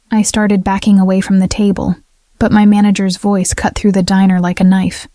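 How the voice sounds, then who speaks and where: A woman narrating a dramatic first-person story in a steady, even way. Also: mid-range voice, brisk, dry recording, clean studio sound.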